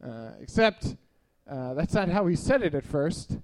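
Stand-up comic, man, early 30s, high voice, rambling and self-deprecating delivery. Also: very animated, unhurried. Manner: rambling, self-deprecating, many filler uhs. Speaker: stand-up comedian. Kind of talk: stand-up storytelling.

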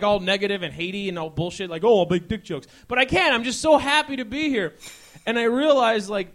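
A young man in his twenties hosts a live talk show from a ballroom stage. His voice sits high for a man, and he talks in a rambling, excitable, self-mocking way. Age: 20s. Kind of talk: live stand-up style talk show chat.

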